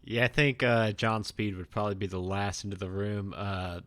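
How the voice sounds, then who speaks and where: A man playing a tabletop game, talking in an easygoing, halting way. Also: fairly low pitch, fairly even intonation, a bit bright, no room sound. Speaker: player.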